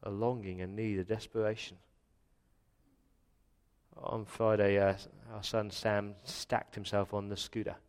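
Impassioned Australian pastor preaching. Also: male voice, fairly low pitch, level tone, a little slow, pauses often, smooth. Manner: builds from quiet reflection to loud impassioned pleading. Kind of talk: sermon. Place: church.

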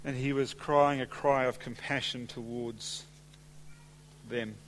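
A man preaching a sermon in a church, measured and deliberate, dropping softer and slower when he quotes scripture. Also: mid-range voice, steady tone, slight background noise. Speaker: pastor. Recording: long hall reverb.

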